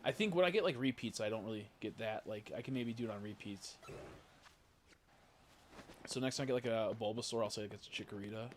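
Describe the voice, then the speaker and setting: A man streaming a video game, chatting casually and rambling, swearing often and reacting excitedly to what happens on screen. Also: on the low side, fast, long pauses, slight background noise. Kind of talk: casual live-stream commentary while playing.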